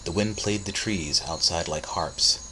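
A man with a deep, low voice reads a story aloud. His delivery is steady and dramatic. A faint hum of crickets sits behind him. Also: unhurried. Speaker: narrator. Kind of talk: audiobook reading.

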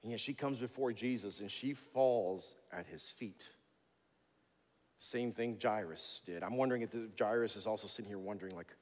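A male pastor giving a sermon in a church, conversational and animated, with jokey storytelling. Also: on the low side, normal speed, in a large hall. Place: church sanctuary.

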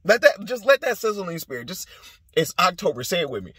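A man's voice: high voice, very animated, quick pace, a bit bright, slightly rough, dry recording. A young man ranting to camera in a profane, rambling, exasperated way. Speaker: soldier venting. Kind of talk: casual rant to camera.

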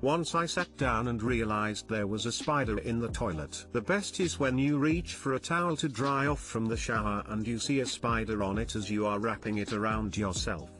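A man reading online posts aloud as scripted narration at a steady, even pace. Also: fairly low pitch, normal speed, hardly any pauses. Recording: faint background music.

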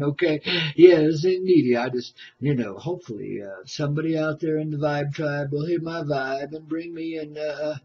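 Older man with high, jive radio patter. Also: normal speed, slightly rough. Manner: hip, jokey, calls listeners baby. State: out of breath. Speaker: radio show host. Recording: dull lo-fi recording.

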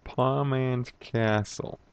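A man's voice: medium pitch, steady tone, extremely slow, clean tone. A man commentating his gameplay, sarcastic and frustrated, swearing at the game's maker. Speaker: let's play commentator. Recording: dry, dull lo-fi mic.

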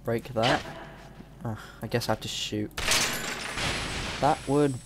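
A man's voice: medium pitch, steady tone, takes it slowly, heavy background noise. A young man, a bit ill, chatting and rambling distractedly as he comments on his gameplay. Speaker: gamer. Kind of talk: let's play commentary.

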